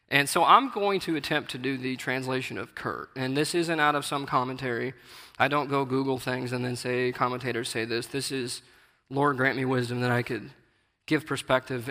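A man preaches an informal sermon, reading scripture and then explaining it in plain, earnest talk. His voice is bright and forceful, and it is heard with a long reverb from a large hall. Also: mid-range voice. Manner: earnest, conversational, reads scripture aloud with rising emphasis. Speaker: lay preacher.

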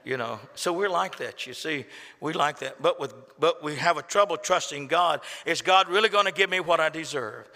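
Bright-voiced preacher in an echoey hall. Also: male voice, a little high, normal speed. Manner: folksy storytelling, building to impassioned peaks. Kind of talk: sermon. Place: church.

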